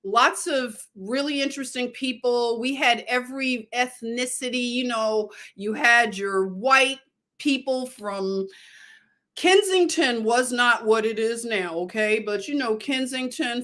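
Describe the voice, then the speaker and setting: Chatty Philly woman, slow and digressive. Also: on the high side, fairly bright tone. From Northeast Philadelphia. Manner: chatty, digressive, loses her thread. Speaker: nurse livestreamer. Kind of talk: casual livestream storytelling.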